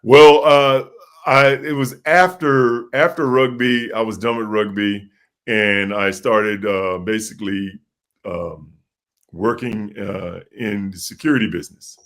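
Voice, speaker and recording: A man with a deep voice and an American accent, a guest telling animated stories in a casual interview. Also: measured pace. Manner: animated storyteller who acts out voices.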